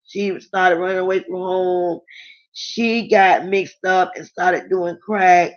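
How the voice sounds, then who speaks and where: A woman's voice: lowish voice, fairly even intonation, slow pace. A middle-aged woman hosting a casual live stream, chatting candidly and reading viewer comments aloud. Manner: chatty, candid, rambling with restarts. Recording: dull lo-fi sound.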